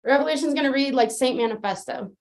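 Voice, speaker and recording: A woman's voice: sits high, quick pace. A woman performing a spoken word poem at an open mic, reciting steadily and joining by video call. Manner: steady, even recitation with little rise and fall. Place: remote, joining from afar.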